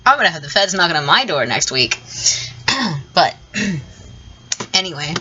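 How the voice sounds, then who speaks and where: A woman's voice: on the low side, big pitch swings, measured pace, sharp tone, slightly rough, muffled recording. A woman from the southern United States, ranting her opinions in a vlog, blunt and profane, laughing often between points. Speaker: vlogger. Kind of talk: opinion rant to camera.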